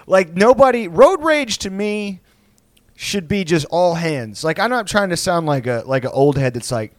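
Animated rambling man with lively pitch. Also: moderate pace, dry recording. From South Houston, Texas. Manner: rambling, animated, laughs often, acts out insults. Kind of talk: crude comedic banter.

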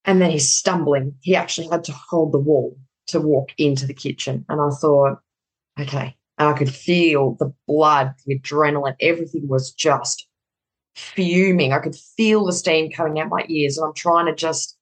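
A woman's voice: deep voice, steady tone, moderate pace, rough recording. A middle-aged woman telling a personal story in conversation, candid and casually swearing, acting out the dialogue.

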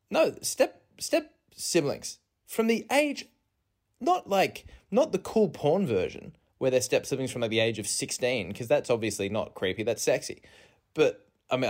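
Rambling man, self-mocking. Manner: self-mocking, meandering, with sudden jumps in pitch. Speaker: podcast host. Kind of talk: rambling comic monologue. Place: rented apartment. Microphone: phone recording.

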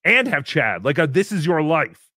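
A male livestream host with a fairly high, very lively voice, ranting and mocking in a casual tone, jumping from shouts to low mutters. His voice sounds close and dry, with no room behind it. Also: moderate pace, no room sound. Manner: mocking, animated, swings between shouting and muttering. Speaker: livestream host reading paid chat messages.

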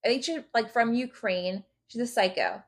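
A woman's voice: fairly high pitch, normal speed. A woman co-hosting a laid-back chat show, spinning gossipy stories with plenty of swearing. Her delivery is loose and conversational, full of fillers and asides. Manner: gossipy storyteller, swears freely. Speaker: podcast co-host. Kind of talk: casual chat.

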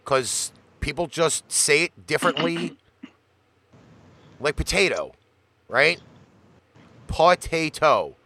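A man's voice: fairly high pitch, animated, slow, vocal fry, pauses often, pushed and bright. Blunt Brooklyn-accented male radio host. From Brooklyn, New York. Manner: blunt, swears freely. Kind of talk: casual radio banter.

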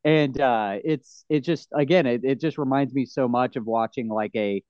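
A man hosting a casual film chat, rambling and excitable, full of "like" and "you know.". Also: mid-range voice, moderate pace, smooth, no room sound. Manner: excitable, often swears. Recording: slightly dull lo-fi sound.

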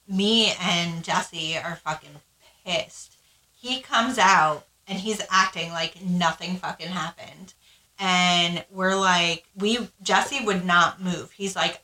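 On a rough, reverberant recording, a podcast co-host speaks with a fairly low pitch and a bright, forceful tone. She chats candidly through her story, cursing often and performing other people's lines in their voices.

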